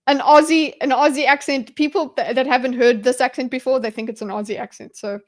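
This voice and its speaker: A woman's voice: high-pitched, steady tone. A woman talking through a mind map on a live stream, rambling and restarting her sentences as she chats with viewers. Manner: rambling, self-interrupting, chatty with viewers, quick laughs. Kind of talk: thinking aloud while mind-mapping on a live stream.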